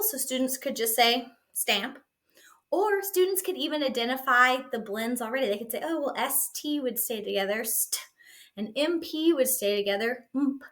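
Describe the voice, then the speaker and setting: A woman teacher walking other teachers through a spelling lesson, upbeat and encouraging, explaining steps clearly. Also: on the high side, pushed and bright. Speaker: teacher giving teaching tips. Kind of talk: instructional walkthrough for teachers.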